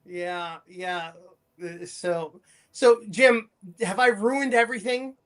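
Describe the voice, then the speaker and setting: Crude, excitable male guest. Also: high-pitched, takes it slowly. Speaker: show guest. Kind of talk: casual talk show chat.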